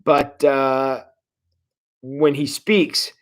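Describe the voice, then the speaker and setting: A man's voice: mid-range voice, level tone, very slow. A man in his forties leading a casual livestream Bible study, talking in a folksy, conversational way with plenty of filler sounds. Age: 40s. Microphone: livestream setup.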